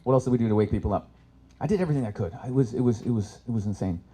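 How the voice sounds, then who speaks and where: A man performing live stand-up, telling stories with sudden loud shouted impressions. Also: mid-range voice, rapid-fire, husky. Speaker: stand-up comic. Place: expo stage before an audience.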